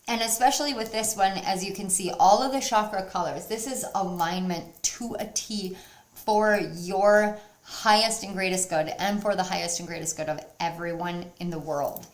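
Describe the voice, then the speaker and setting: A woman giving a spiritual pick-a-card tarot reading to her viewers, earnest and encouraging, at times bursting with excitement. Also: medium pitch. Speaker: tarot reader.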